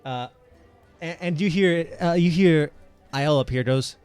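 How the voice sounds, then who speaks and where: A man narrating as game master for a tabletop game, rambling with lots of fillers and slipping into quick voices for the crowd. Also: fairly high pitch, a little mellow, smooth, no room sound, faint music behind.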